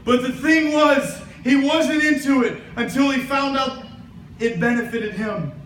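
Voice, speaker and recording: A man with a very high, fairly bright voice preaches a sermon as pastor in a church sanctuary, unhurried, telling a story and building to emphatic preaching. The low-quality recording is roomy and distant, with slight background noise.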